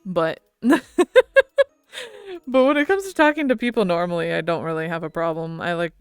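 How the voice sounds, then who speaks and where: A woman's voice: on the low side, moderate pace, clean tone, no room sound, soft background music. A woman streamer chatting casually with her viewers, rambling and laughing often into a close mic.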